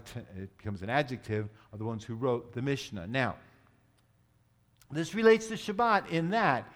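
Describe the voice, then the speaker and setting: A man giving a Messianic teaching, explaining terms patiently and leading the group to repeat words. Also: medium pitch. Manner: explanatory, leads group repetition, self-correcting. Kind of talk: teaching sermon.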